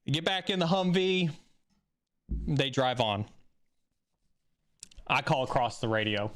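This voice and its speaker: A man hosting a live stream, telling a story in a casual, animated way that rises excitedly when he acts out a scene. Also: medium pitch, unhurried, long pauses. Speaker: stream host.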